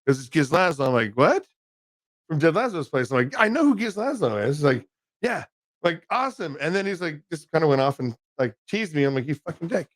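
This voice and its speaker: A man's voice: a little high, big pitch swings, fairly quick, no echo. Swearing, rambling podcast co-host man. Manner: profane, rambling storyteller. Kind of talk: casual podcast chat.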